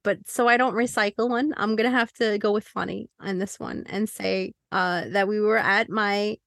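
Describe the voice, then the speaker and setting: A woman's voice: mid-range voice, steady tone, normal speed, gravelly, a bit bright, no echo, studio quality. A woman co-hosting a podcast in casual chat, joking, laughing often and acting out what people said. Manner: jokey, laughs often, acts out quotes. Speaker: podcast co-host.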